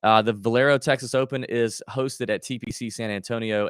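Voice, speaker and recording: A man's voice: medium pitch, steady tone, fairly quick, few pauses, a bit bright, clear, resonant tone, no echo, clean studio sound. A man hosting a golf betting livestream, chatting casually and thinking aloud with lots of fillers and restarts. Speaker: golf betting podcast host.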